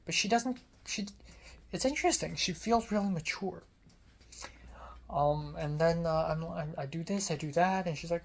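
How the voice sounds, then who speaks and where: A young man, a film student, telling a rambling, self-deprecating story to camera with deadpan asides. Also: a little high, moderate pace, vocal fry, pauses often. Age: young adult. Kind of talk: casual vlog storytelling.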